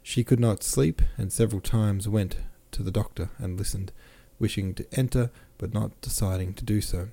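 Low, mellow male audiobook narrator. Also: vocal fry, breathy edge. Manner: measured reading with small self-corrections. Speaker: podcast host and audiobook reader. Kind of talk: scripted narration of a classic novel.

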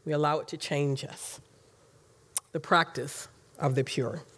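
A woman's voice: low voice, steady tone, a little slow, fairly bright tone, breathy edge. A woman giving a sermon, teaching from the Bible in an earnest, emphatic way with fillers and light laughs.

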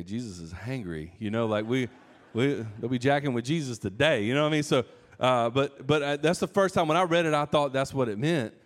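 Conversational male pastor preaching. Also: mid-range voice. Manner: conversational preaching with asides and restarts. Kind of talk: sermon.

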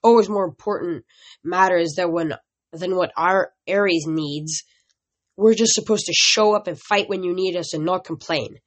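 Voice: mid-range voice, normal speed, close to an everyday voice. Tough, defiant teen warrior girl, voiced by an amateur audiobook reader. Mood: angry. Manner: snapping, defiant.

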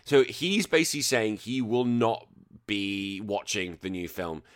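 A man's voice: lowish voice, measured pace. A man hosting a podcast, giving his opinions in a casual solo ranting commentary with lots of restarts. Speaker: podcast host.

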